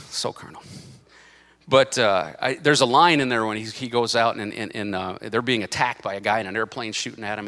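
Bright-voiced middle-aged man preaching. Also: big-room sound. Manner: animated preaching with big swings in pitch and loudness, joking asides. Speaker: pastor. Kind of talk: sermon. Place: church sanctuary.

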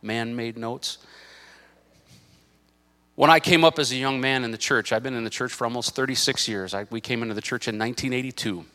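A middle-aged male pastor preaching a sermon in church, animated, swinging between loud bursts and quiet asides, with joking side remarks. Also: medium pitch, a little fast, in a large hall. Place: church sanctuary.

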